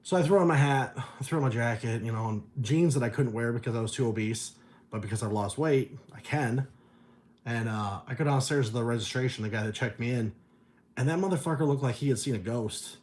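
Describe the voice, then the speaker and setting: A man's voice: mid-range voice, fairly quick, darkish tone. A middle-aged man chatting casually on a livestream, telling stories and reading viewer messages, loose and profane, chuckling often. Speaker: vlogger reading viewer chat.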